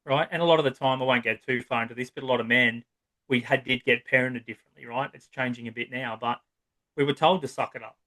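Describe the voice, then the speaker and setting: A man's voice: mid-range voice, steady tone, fast, bright, forceful tone. An Australian man talking as a psychotherapist guest on a podcast, speaking in a long-winded, casual way and often checking in with "right?". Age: 30s to 50s. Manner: long-winded, acts out quoted voices, frequent "right?".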